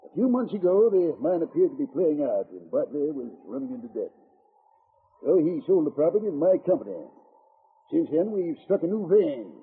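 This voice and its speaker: A man's voice: a little high, very animated, moderate pace, slightly rough, full character voice. An actor playing a bad-tempered, wealthy mining boss and father who barks orders, in a 1950s radio drama on a lo-fi old broadcast. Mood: complaining. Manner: blustering, barking orders.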